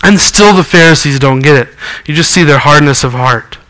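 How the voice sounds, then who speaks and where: A man's voice: on the high side, moderate pace, bright, forceful tone, poor audio. A man preaching a sermon, reading scripture and explaining it earnestly. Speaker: pastor.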